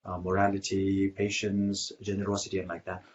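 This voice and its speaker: A man voicing a proud male hermit meditator who is quick to anger, defensive and indignant, in a muffled lo-fi recording. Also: low-pitched, completely flat delivery, a little hiss or hum, close to an everyday voice. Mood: earnest.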